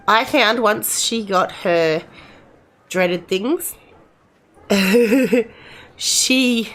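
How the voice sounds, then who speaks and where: A middle-aged woman commenting casually on a game, chatty and rambling, speaking to the characters as if they were friends. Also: mid-range voice. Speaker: gamer playing and commenting.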